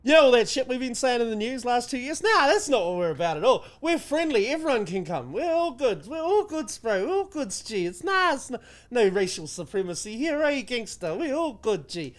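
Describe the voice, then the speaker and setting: A man's voice: extremely high pitch, very animated, brisk, few pauses, pitched above the performer's own voice. A man putting on a mocking impression of a smug male politician who brushes off criticism in a sing-song way.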